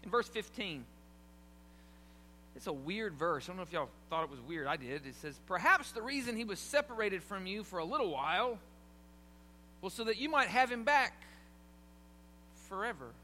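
A man's voice: high voice, sing-song, normal speed, long pauses, pushed and bright. A man preaching a sermon in a conversational way, often asking his congregation questions. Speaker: pastor. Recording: long hall reverb, faint hum.

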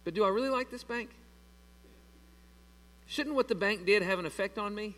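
A man preaching a sermon to his church, animated and asking the congregation questions as he reads through scripture. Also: sits high, moderate pace. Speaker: pastor. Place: church sanctuary. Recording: long reverb of a large hall.

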